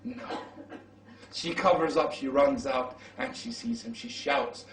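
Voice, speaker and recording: A man's voice: on the high side, sing-song, a little slow, vocal fry. A male preacher telling a story in a sermon, with dramatic rising and falling emphasis. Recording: roomy, from far off mic.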